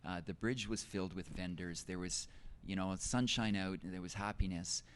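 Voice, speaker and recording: A man with a very low voice tells a personal story of faith in an easygoing, conversational way. He is middle-aged and stops and restarts often, leaning on fillers as he talks it through. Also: moderate pace. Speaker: teacher. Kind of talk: personal testimony in an interview.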